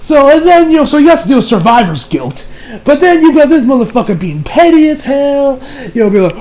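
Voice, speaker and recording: A man's voice: very high-pitched, fast talker, rough recording. A man giving a casual, profanity-laced anime episode recap and rant, acting out the characters' lines as he goes. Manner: profane, animated, mimics characters in quotes. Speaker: anime reviewer.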